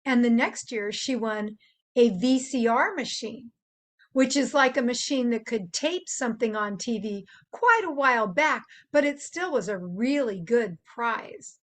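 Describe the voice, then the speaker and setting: Older woman, children's presenter: high, lively voice, slow and playful delivery. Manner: playful, imitates animal sounds. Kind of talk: gentle instructional talk to children.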